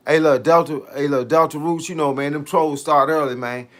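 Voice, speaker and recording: A man's voice: a little high, fairly even intonation, fairly bright tone. Laid-back man hosting a fitness livestream. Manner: laid-back slangy talk, drawn-out tangents. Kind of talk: casual livestream chat answering viewer comments.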